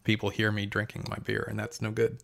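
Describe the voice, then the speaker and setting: A man's voice: on the low side, monotone, fairly quick, creaky, fairly bright tone. A man from Pennsylvania hosting a casual podcast chat at a studio mic, wry and teasing, swearing freely. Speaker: podcast host. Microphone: studio mic with foam cover.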